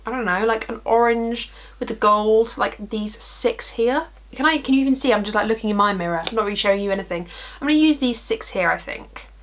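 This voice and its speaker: Young woman, makeup tutorial chat, rambling, self-deprecating, a bit high-pitched. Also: brisk, slight background noise. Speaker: makeup vlogger. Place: at home, in front of a mirror.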